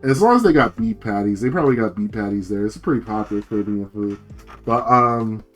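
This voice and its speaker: A man's voice: fairly low pitch, animated, brisk, a bit bright, soft background music. A young American man streaming as a VTuber, rambling through a profane, casual rant full of filler words. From United States.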